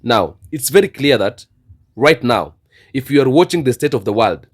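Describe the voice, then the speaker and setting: A man's voice: medium pitch, lively intonation, moderate pace. A man giving impassioned commentary on the state of his continent, repeating himself and building to fervent, preachy outbursts. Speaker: political commentator.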